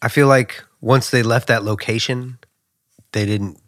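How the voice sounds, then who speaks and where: A man's voice: mid-range voice, steady tone, unhurried, a bit bright, dry recording, clean studio sound. A young man co-hosting a podcast, chatting casually with playful jokes and teasing interjections. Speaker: podcast co-host. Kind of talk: casual chat.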